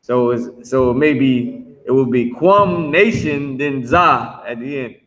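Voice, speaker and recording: A man teaching a live online language class, drawing out drilled words slowly and talking bluntly. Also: medium pitch, a bit bright, poor audio. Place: Philadelphia.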